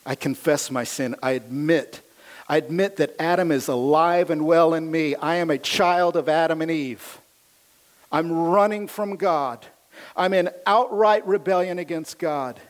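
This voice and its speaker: Animated male pastor preaching. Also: fairly high pitch, measured pace. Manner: animated preaching, self-teasing asides. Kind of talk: sermon.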